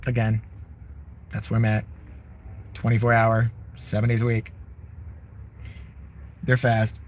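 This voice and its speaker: A man's voice: lowish voice, completely flat delivery, takes it slowly, a little hiss or hum. A man vlogging from his car, ranting in a sarcastic, profane, exasperated way. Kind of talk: casual profane rant to camera.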